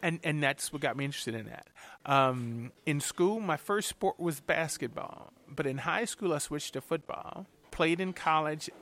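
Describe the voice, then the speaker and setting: A middle-aged man from Louisiana, a chef and TV cooking host answering interview questions in an animated, chatty way. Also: fairly high pitch, normal speed.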